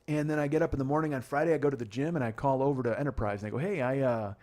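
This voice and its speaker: A man's voice: mid-range voice, fairly even intonation, a little mellow. A man hosting a comedy podcast, telling a story in a profane, exasperated rant. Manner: profane, exasperated, fast rambling rants. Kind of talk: ranting comic storytelling monologue.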